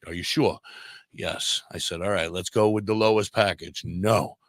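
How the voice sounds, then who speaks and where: A deep-voiced radio DJ, guesting on a podcast, recounts a story at a moderate pace in a casual, animated way, voicing the dialogue he quotes. The podcast microphone picks up no echo.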